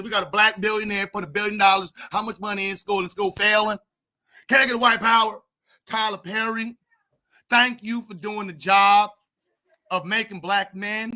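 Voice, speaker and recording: A man's voice: high-pitched, sharp tone, pitched above the performer's own voice, full character voice. A man putting on a drawling country white preacher. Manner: drawn-out preacher-style rally cries.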